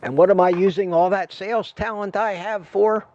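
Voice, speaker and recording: A man's voice: high voice, steady tone, moderate pace, darkish tone. An older man hosting a casual livestream, talking to viewers in a chatty, rambling way with a salesman's patter. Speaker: livestream host. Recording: dull lo-fi stream audio.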